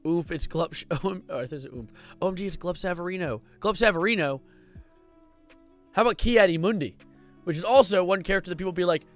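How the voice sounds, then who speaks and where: This streamer is an excitable young man who talks a little fast, cursing freely and erupting loudly as he rambles through casual commentary on his livestream. His voice is fairly high for a man, the recording has no room sound, and faint music plays underneath.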